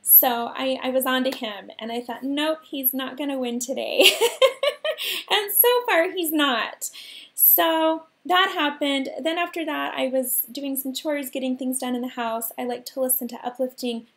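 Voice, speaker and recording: A woman in her thirties hosting a livestream from home, telling a personal story in an animated way and laughing often. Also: high voice, a little slow. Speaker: host.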